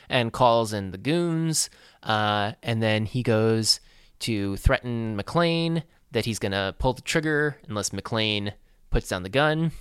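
A man with a low, bright, crisp voice talks through a film scene in a relaxed podcast chat. He halts often and fills pauses with ums and uhs. The sound is close and dry. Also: no room sound. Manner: halting, filler-heavy recap. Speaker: podcast co-host. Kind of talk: casual movie discussion.

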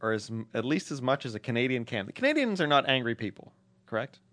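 A male podcast co-host in loose, teasing banter, his voice rising and falling a lot as he jokes. He reads listener mail aloud, his pitch sitting mid-range, and breaks into laughter often. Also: very animated, quick pace, a bit bright. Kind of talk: casual chat, reading listener mail.

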